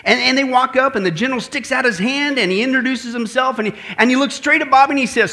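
A man's voice: extremely high pitch, fast talker, hardly any pauses. A man preaching a sermon, joking with the congregation and addressing them directly. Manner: joking, energetic, talks to the congregation. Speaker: pastor.

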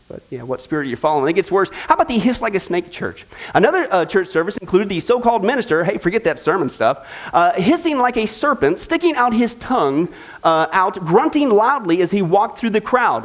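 A man teaching a Bible study, mocking what he describes with sarcastic jokes and laughs at his own lines. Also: high-pitched. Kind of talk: mocking sermon commentary.

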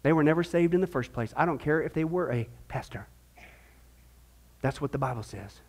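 A man preaching a sermon in an emphatic, animated, rhetorical way. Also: fairly high pitch, normal speed.

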